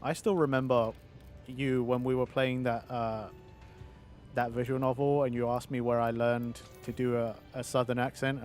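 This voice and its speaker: Rambling British man chatting on stream. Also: medium pitch. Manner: rambling, swears, answers chat. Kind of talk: casual gaming stream chat.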